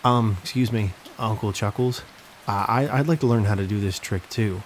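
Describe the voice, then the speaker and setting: A man's voice: lowish voice, normal speed, slight background noise, lightly acted. A man doing a stammering young boy. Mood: nervous. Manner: stammering, hesitant. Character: nervous seven-year-old boy.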